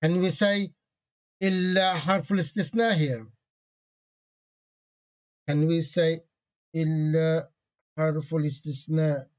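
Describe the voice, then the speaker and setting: Male teacher, slightly high pitch, patient and repetitive, dull lo-fi recording. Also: fairly even intonation. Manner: patient, repeats key terms slowly; reads Arabic grammar phrases quickly. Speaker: Arabic grammar teacher. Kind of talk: online grammar lesson.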